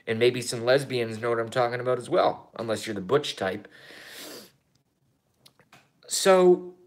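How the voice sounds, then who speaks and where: A man in his thirties rambling through a political vlog monologue, excitable and profane, swinging from mumbled asides to loud outbursts and repeating himself. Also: medium pitch, measured pace. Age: 30s. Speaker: YouTuber.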